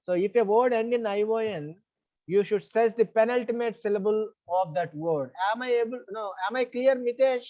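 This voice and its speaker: A man's voice: high voice, moderate pace, dark tone, muffled recording. A man with an Indian English accent teaching an online English class. He explains the rules step by step, repeats them, and checks that the students follow. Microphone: online class call.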